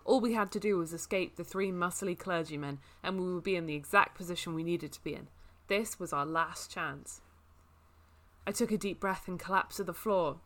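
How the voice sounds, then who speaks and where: A woman's voice: lowish voice, normal speed. A woman reading a novel aloud as a comedy bit, with laughing asides. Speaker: reader.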